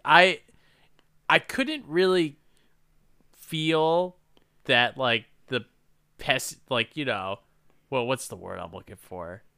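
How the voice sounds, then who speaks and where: A man's voice: mid-range voice, lively intonation, slow pace, gravelly, long pauses, pushed and bright, smooth, no room sound, clean studio sound. A man co-hosting a podcast, recapping a movie in casual, profane banter, laughing often and searching for words mid-sentence. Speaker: podcast co-host.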